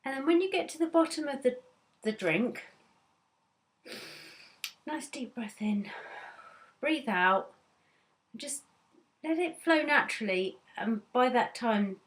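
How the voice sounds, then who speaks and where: A woman's voice: high voice, expressive, slow, pauses often. Chatty woman with hiccups. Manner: chatty, laughing, a little hesitant. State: has hiccups. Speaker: vlogger. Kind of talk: casual how-to chat.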